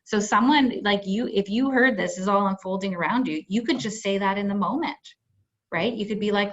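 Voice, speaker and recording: A woman's voice: mid-range voice, a little fast, muffled recording. A woman leading a webinar as a workplace trainer, talking conversationally with many fillers and acting out example dialogue. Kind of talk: webinar presentation. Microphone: video call.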